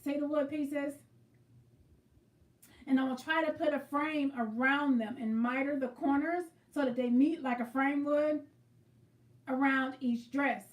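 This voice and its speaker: A woman's voice: high-pitched, steady tone, normal speed, echoey room, recorded from a distance. A woman hosting a casual livestream, chatting and greeting viewers by name as she explains her quilting. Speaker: livestream host.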